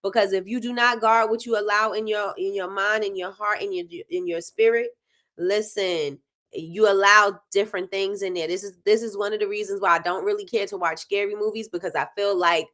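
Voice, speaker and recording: A middle-aged woman hosting a casual talk stream, talking straight to her audience. Her voice is bright and tense at the edges, and she breaks into laughter often. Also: mid-range voice, brisk. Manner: animated, laughs often, talks straight to viewers. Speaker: host. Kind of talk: casual livestream chat.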